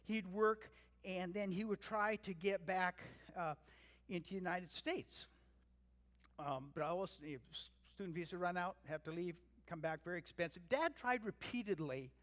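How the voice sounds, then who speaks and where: A man's voice: high voice, a bit bright. A man from Canada preaching a sermon as pastor, earnest and emphatic, mixing teaching with family storytelling. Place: church sanctuary. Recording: long hall reverb.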